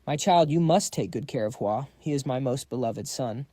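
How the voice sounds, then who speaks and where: A man reading the lines of a middle-aged emperor who is a fond father, in measured, stately speech. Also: mid-range voice, expressive, mellow, no echo, clean studio sound, natural voice.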